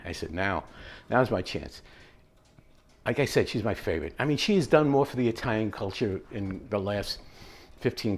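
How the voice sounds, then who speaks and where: A man hosting a home cooking show, chatting in a rambling, relaxed way as he tells stories while he cooks. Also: low voice, a little hiss or hum. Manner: relaxed, mellow. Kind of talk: casual cooking demonstration with anecdotes.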